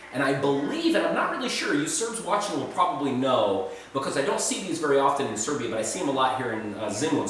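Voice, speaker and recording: A food vlogger with a medium-pitched, slightly bright voice rambles in a chatty, self-deprecating way. He's indoors in a roomy, echoey space in Serbia, far from the mic, with a little hiss or hum present.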